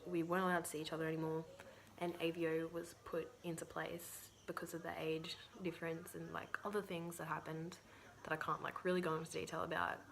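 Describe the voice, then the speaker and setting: A woman's voice: fairly low pitch, fairly bright tone, slight background noise. A woman with an Australian accent telling a story casually, full of fillers and swearing. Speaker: vlogger.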